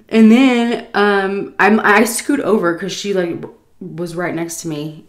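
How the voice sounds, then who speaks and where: A woman's voice: fairly low pitch, normal speed. Chatty woman telling a story while eating. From United States. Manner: animated, acts out voices, laughs often. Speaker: food vlogger telling a story.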